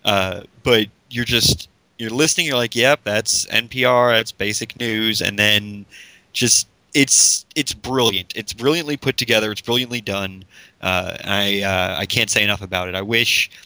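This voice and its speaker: Deep bright-toned man, stammering enthusiasm. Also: moderate pace, no room sound. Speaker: podcast co-host. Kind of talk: casual podcast chat.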